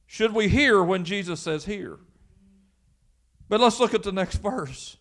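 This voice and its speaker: A man's voice: sits high, lively intonation, unhurried, a bit bright. A man preaching a sermon as pastor, emphatic and full of rhetorical questions.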